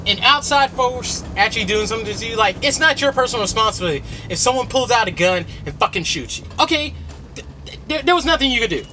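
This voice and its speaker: A man's voice: extremely high pitch, animated, fast, sharp tone, a little hiss or hum. A young man with a nasal voice, ranting in a rambling, profane, casual way. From United States. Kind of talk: casual rant.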